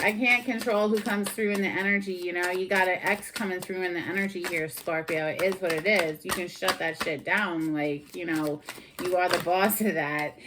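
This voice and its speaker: A woman's voice: lowish voice, noisy background. A woman giving a casual tarot reading in a blunt, sassy way, swearing and getting fired up. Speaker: tarot reader.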